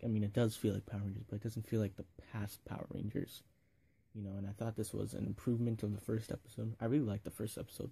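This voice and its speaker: Gravelly young man rambling through a review. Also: lowish voice, dark tone. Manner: rambling, filler-heavy, enthusiastic. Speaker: video reviewer. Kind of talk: casual rambling review vlog.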